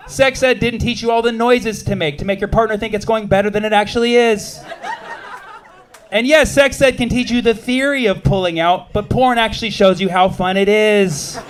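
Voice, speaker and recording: Wry male stand-up comic. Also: high voice. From United States. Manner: punchy, wry, teasing delivery. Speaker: stand-up comedian. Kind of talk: stand-up comedy with crowd work. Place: comedy club stage.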